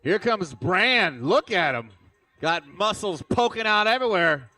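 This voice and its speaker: A high, lively male announcer bringing live commentary to a big indoor arena, cheering on competitors with bright energy. Faint music plays behind him. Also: a little slow. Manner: hyped, cheering on athletes. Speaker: event announcer.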